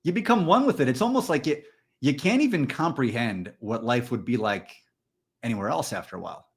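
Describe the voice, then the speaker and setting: A man co-hosting a candid podcast conversation, telling stories in a loose, animated way with plenty of fillers. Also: medium pitch, a little fast, slightly rough. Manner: storytelling, animated, frequent fillers. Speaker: podcast co-host.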